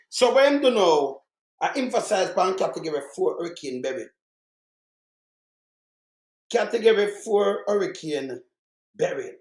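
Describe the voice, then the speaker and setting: A man's voice: a little high, roomy sound. A Jamaican man giving heated political commentary, fiery and mocking, repeating himself for emphasis.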